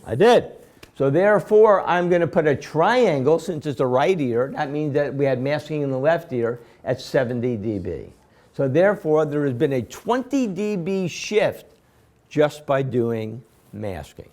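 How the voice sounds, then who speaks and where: A man with a slightly high voice lectures his class. He explains each step methodically and repeats himself for emphasis. He keeps stopping to quiz his students with quick questions. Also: animated, darkish tone. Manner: quizzing students with rhetorical questions. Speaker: instructor.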